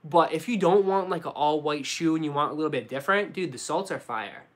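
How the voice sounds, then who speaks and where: A young man with a Boston accent, chatting casually on a live stream and answering viewers, relaxed and full of slang. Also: a little high, fairly quick. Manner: relaxed, slangy, says dude and bro a lot. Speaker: sneaker YouTuber answering live chat.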